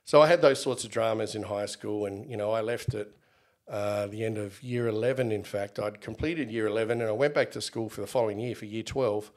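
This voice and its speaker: Animated Australian man telling stories. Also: lowish voice, brisk. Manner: animated, acts out quoted exchanges. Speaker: interview guest, former bodyguard. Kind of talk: casual storytelling interview.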